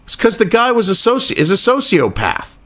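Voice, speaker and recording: A man's voice: high-pitched, wildly swooping pitch, a little fast, a bit bright. A man ranting in political commentary, profane, sarcastic and indignant.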